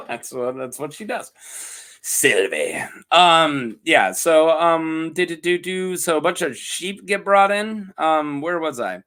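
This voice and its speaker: High bouncy guy doing a show recap, laughs a lot, bright sharp tone. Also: animated, slow pace. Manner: giggly and joking, full of ums and asides. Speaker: TV show reviewer. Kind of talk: casual episode recap from a script.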